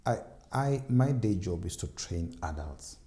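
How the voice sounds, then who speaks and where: A man's voice: sits low, lively intonation, measured pace, dark tone. A man hosting a podcast interview, attentive and asking thoughtful questions. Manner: attentive, frequent brief affirmations. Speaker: podcast host. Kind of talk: conversational interview.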